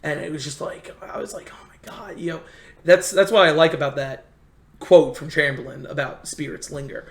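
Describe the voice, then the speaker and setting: A man in casual conversation telling history stories in a halting way, full of restarts. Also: on the high side, vocal fry. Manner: rambling, halting history storyteller with many restarts. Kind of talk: casual storytelling chat. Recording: echoey room.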